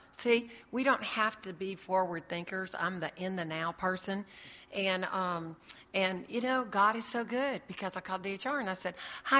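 Long hall reverb surrounds a woman's medium-pitched, pushed and bright voice as she tells an audience her ministry story. She acts out the different voices in the dialogue she recounts.

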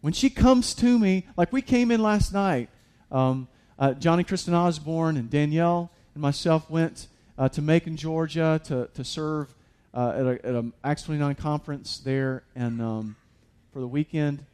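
A man's voice: fairly high pitch, normal speed, few pauses, a little mellow, smooth. A man preaching a sermon as a pastor, conversational with many fillers and restarts, building to emphatic peaks.

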